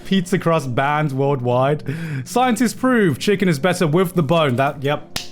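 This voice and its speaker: Animated man reacting on a live stream. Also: fairly high pitch, a little slow, soft background music. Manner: animated, incredulous, swears and laughs often. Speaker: streamer reacting to fan edits.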